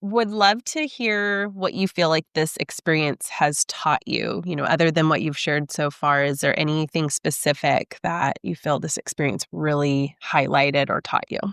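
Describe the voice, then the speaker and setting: A woman cohosting a podcast interview, measured and affirming toward her guest. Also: sits low, gravelly, a bit bright, smooth, no room sound, studio quality. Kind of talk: conversational interview.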